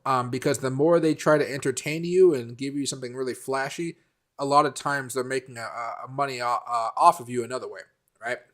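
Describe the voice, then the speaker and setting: A man's voice: medium pitch, fairly even intonation, fairly quick, a bit bright. A man hosting a casual live stream, rambling and answering viewer comments by name, with many fillers and restarts.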